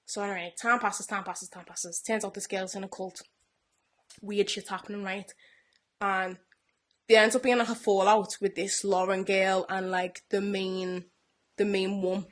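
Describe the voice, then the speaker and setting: A young woman telling a story at a lively, animated clip, slipping into little acted-out voices for each character. Her pitch sits in the middle of the range, and her talk is loose and casual, full of "like" and "yeah?". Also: normal speed. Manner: animated storyteller who acts out characters' lines. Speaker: podcast co-host. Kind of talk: casual chat retelling a TV plot.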